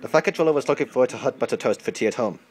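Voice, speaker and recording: A man narrating a children's storybook aloud. His voice is plain and steady at an ordinary middle pitch. He tells the story without rush. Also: very fast. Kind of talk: storybook reading.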